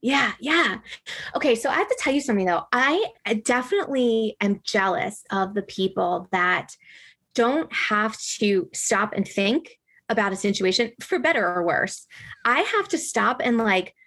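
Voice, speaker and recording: Animated chatty woman telling stories. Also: medium pitch, moderate pace, slightly rough. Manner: animated storyteller, many fillers and tag questions. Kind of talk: casual conversation.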